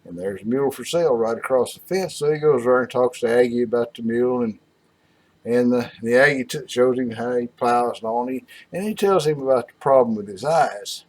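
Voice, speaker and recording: A folksy man rambles through a long joke. His voice sits at a middle pitch, drawling and easy. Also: a little fast.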